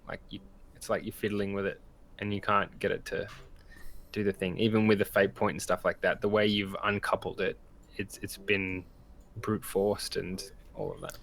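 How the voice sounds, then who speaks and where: A man's voice: on the low side, a bit bright. A man narrating as game master of a casual tabletop role-playing session, talking loosely with fillers and the odd sound effect.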